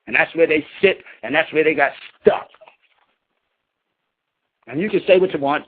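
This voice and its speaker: A man's voice: a little high, moderate pace, pauses often, slightly rough. Scolding preacher man on a tinny line. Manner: emphatic, scolding, slangy with cursing. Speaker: spiritual leader. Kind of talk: preaching address to followers. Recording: tinny phone-like sound.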